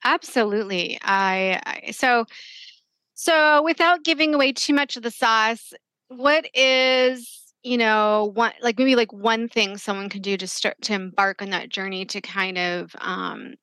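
A woman's voice: fairly high pitch, measured pace, sharp tone, clear, resonant tone, no echo. A woman hosting a casual interview, thoughtful and searching as she talks. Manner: thoughtful, searching, many fillers.

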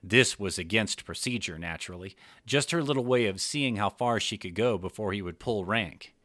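A man narrating an adult fiction story in a measured storytelling manner. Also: lowish voice, fairly bright tone, no room sound, clean studio sound.

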